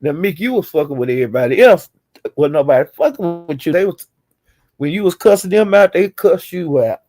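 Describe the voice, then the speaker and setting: A woman's voice: on the low side, lively intonation, a little fast, warm tone. A woman streamer casually retelling online drama, chatty and acting out the quotes with chuckles. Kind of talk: casual gossip storytelling.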